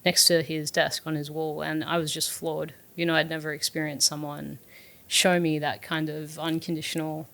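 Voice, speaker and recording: Low, gravelly woman recounting her past. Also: level tone, normal speed, fairly bright tone. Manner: earnest and open, with frequent fillers and restarts. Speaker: guest, startup founder. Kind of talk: reflective storytelling in an interview.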